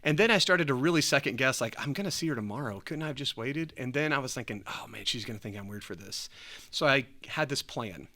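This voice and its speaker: Man, casual storyteller, bright tense voice, lively, mimics quoted voices, laughs a lot. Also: medium pitch, quick pace. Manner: animated, acts out quoted voices, laughs often. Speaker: church podcast host.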